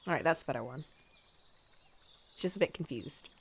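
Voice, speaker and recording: A woman's voice: sits low, expressive, moderate pace, vocal fry, slightly rough. A woman streaming while she draws, sick and coughing, chatting casually and laughing at herself. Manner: chatty, self-deprecating, laughs often. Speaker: streamer drawing live. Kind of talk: casual chat while drawing.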